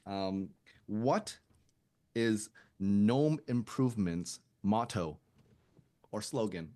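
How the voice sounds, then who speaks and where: Brief: male podcast quiz host, somewhat low voice, playful and chatty. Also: drawn-out words, mellow. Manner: asks trivia questions, laughs often. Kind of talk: casual podcast banter.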